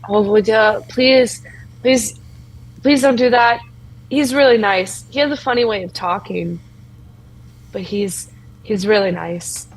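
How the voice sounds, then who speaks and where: A woman voicing a shy young female champion of a death goddess in a tabletop role-play, speaking haltingly with many restarts. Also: mid-range voice, low-quality recording. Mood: flustered.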